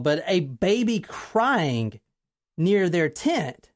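A woman hosting a casual chat, telling a true crime story in an animated way, swearing casually and acting out quotes. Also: medium pitch, measured pace.

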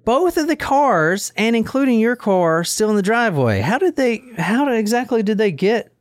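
Young guy, puzzled and suspicious, pitched up and questioning, as a podcast host puts him on. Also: sing-song, moderate pace, dry recording, studio quality, lightly acted.

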